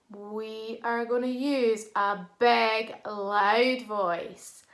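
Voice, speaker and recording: A woman teacher leading a phonics lesson for young children, sounding out words slowly and clearly. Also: a little high, fairly even intonation, fairly bright tone, echoey room. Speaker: primary school teacher.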